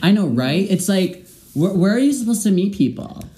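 A man's voice: high voice, sing-song, moderate pace, mellow, a little hiss or hum. A man hosting a casual vlog chat, teasing and crude in a playful way. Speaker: vlogger host.

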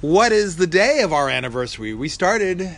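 A man's voice: high voice, big pitch swings, normal speed, a bit bright. A man co-hosting a podcast, wisecracking and laughing often in casual banter. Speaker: podcast co-host.

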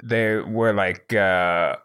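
A man co-hosting a podcast, telling stories in a casual, animated way that is full of swearing, and acting out the dialogue. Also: fairly low pitch, very slow, clear, resonant tone. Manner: animated, profane, acts out dialogue. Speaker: podcast co-host. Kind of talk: casual chat, storytelling.

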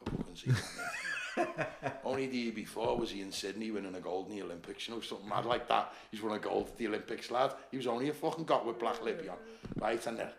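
Liverpool male guest, raspy and fairly high, swears freely, animated storyteller, roomy echo. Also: quick pace. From Liverpool, England. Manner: swearing, animated, laughing while telling stories. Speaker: podcast guest, former doorman. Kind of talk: casual storytelling chat.

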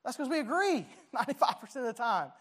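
A man's voice: very high voice, sing-song, quick pace, fairly bright tone. A man preaching a sermon as pastor, conversational and self-deprecating, often stumbling and restarting his words.

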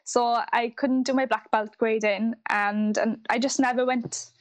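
A young woman with a strong Welsh accent talks as a guest in a live online interview. Her voice sits a little high, and she chats freely, restarting words and laughing often. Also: steady tone, unhurried. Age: 20s. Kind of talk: casual interview. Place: live online video call.

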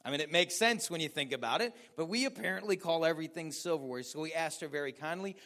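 An American man, a pastor, preaching a sermon with animated storytelling and questions for the audience. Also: fairly high pitch, fast talker, few pauses. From United States.

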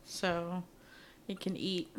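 A woman's voice: lowish voice, monotone, slight background noise. A woman co-hosting a podcast, chatting casually about a film and laughing often. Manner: amused, quick to laugh. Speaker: podcast co-host. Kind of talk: casual film review chat.

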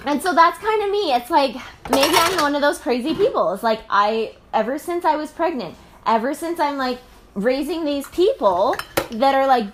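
Brief: mother in her thirties, casual reflective talk, very lively high voice that jumps around. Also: a little hiss or hum. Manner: animated and chatty, full of filler and laughter.

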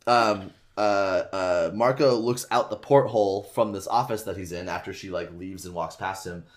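A man with a very low voice talks through a book chapter the way you would tell a friend about it. He is loose and rambling, and he swears casually as he goes. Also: steady tone, normal speed, roomy sound. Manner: loose and rambling, full of "like" and "uh", reading passages aloud; swears casually and laughs at his own retelling. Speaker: podcast co-host recapping a book. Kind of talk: casual chat, retelling a story.

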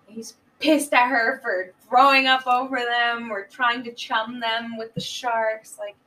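A woman with a high voice rambles through a movie's plot in loose, profane podcast chat. She sits a little far from the microphone, so her voice sounds slightly distant. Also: little pitch movement, measured pace, sharp tone. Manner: rambling, swears freely, acts out quotes. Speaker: podcast co-host. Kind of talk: casual chat recapping a movie.

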